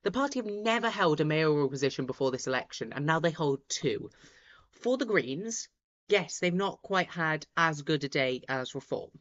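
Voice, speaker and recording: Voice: mid-range voice, animated, normal speed, a bit bright. A host giving casual, rambling live commentary from home, with many fillers and restarts. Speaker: host of a live results stream. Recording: dull lo-fi sound.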